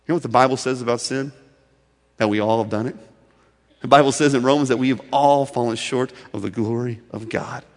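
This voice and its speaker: A male pastor preaching a sermon in a storytelling way, swinging from loud emphasis to soft, intimate delivery. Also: mid-range voice, fairly even intonation, fairly quick, in a large hall.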